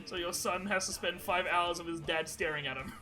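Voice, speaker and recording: Podcast co-host, man, high voice, rambling and profane, music bed behind. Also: fairly even intonation, a little fast, low-quality recording. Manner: rambling, swears often, laughs while telling stories. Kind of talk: casual chat.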